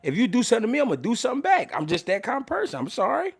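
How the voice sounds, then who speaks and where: Loud, animated man talking casually. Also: extremely high pitch, very fast, gravelly, slightly rough. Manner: loud, animated, laughs often, swears freely. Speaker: boxing commentator and show host. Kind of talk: casual livestream talk.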